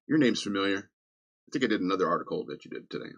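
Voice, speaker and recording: A man's voice: medium pitch, expressive, fast talker. A man hosting a podcast from Virginia, reading news stories with sarcastic, chuckling asides in a casual comedic style. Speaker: podcast host.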